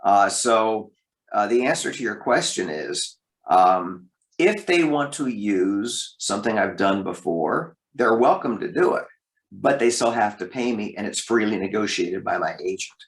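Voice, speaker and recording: A male voice actor, appearing as an interview guest, tells stories from his career. He's lively, jumps up in pitch for emphasis, and talks a little slowly, with a roomy echo on the recording.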